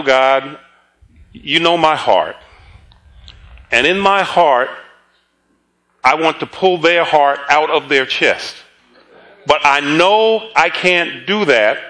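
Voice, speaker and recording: Male preacher, conversational sermon style, bright and slightly high voice, chuckles through stories. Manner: storytelling, chuckling asides, repeats words.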